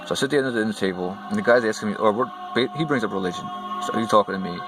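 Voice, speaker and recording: A man's voice: lowish voice, racing, fairly bright tone, poor audio. A man casually retelling a dream, rambling with many fillers and speaking straight to his viewers. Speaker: storyteller. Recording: music playing behind.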